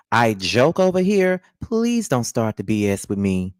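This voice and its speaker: A man's voice: medium pitch, very animated, a little slow, darkish tone, clear, resonant tone, dry recording, studio quality. A man hosting casual reaction commentary, joking and teasing bluntly with some profanity. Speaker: commentary channel host.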